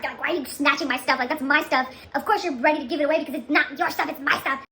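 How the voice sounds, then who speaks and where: A woman voicing her flustered teenage self, talking fast and nervously. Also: high voice, fairly even intonation, noisy background, voice pushed up. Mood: whiny.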